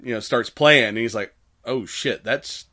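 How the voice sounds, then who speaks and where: A man co-hosting a casual podcast, recapping a movie with frequent laughter and quick quoted voices. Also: mid-range voice, sharp tone. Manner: laughs often, retells scenes doing quick quoted voices. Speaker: podcast co-host.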